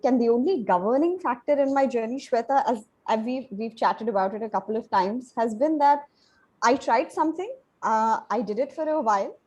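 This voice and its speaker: A woman's voice: fairly high pitch, darkish tone, rough recording. Candid woman entrepreneur. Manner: candid, brisk storytelling. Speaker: panel guest, entrepreneur. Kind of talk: panel discussion.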